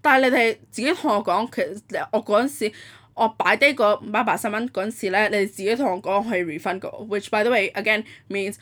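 A woman's voice: mid-range voice, quick pace. A young woman ranting in a casual vlog, swearing freely and acting out both sides of a phone call. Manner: animated, swears freely, mimics others; switches to Cantonese when quoting. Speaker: vlogger.

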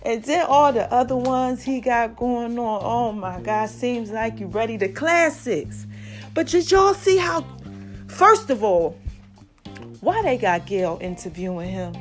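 Chatty high-voiced woman podcaster. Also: unhurried, soft background music. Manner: chatty, animated, calls listeners "y'all" and "child". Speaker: podcast host. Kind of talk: casual solo podcast chat.

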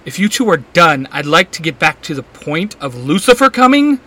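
A man's voice: on the high side, big pitch swings, normal speed, sharp tone, full character voice. A man reading as a bold teasing young heroine.

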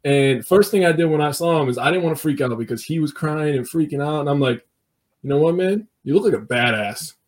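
A man co-hosting a podcast interview, relaxed and casual, telling his own family stories. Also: on the high side, fast talker. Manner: relaxed, tells stories, laughs easily. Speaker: podcast co-host.

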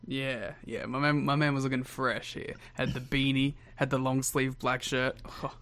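A man's voice: medium pitch, flat delivery, normal speed, a bit bright, no room sound. A man co-hosting a casual wrestling podcast, cracking jokes, laughing often and bantering playfully. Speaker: podcast co-host.

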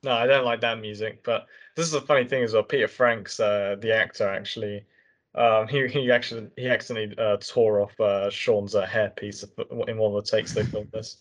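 Wry, lower-voiced man. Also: fairly even intonation, a little fast. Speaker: podcast co-host. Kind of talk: casual film review chat.

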